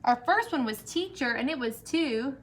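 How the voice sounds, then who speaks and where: A young woman teacher leading an early-grade phonics lesson, stretching out words slowly and praising the children. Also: high voice, lively intonation, slight background noise. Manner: slow, drawn-out word modeling, encouraging.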